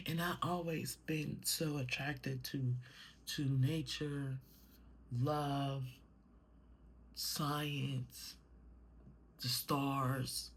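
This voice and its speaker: A woman's voice: rumbling low, steady tone, drawn-out words, pauses often, husky. A young adult woman talking casually in a personal vlog, meandering with many fillers and swearing when worked up. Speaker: vlogger.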